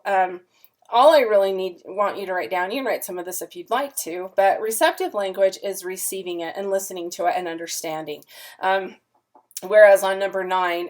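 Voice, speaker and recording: A woman in her forties, a teacher giving a recorded lecture in a friendly, chatty way with many "um" fillers. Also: medium pitch. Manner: friendly, chatty, lots of "um" fillers, demonstrates sing-song parent talk.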